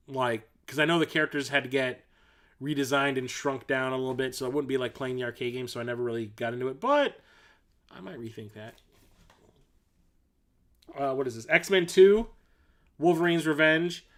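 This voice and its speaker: A man hosting a laid-back livestream shows his game collection in a fairly high, fairly bright voice. He rambles on enthusiastically with fillers and self-corrections, speaking bluntly and casually and swearing mildly.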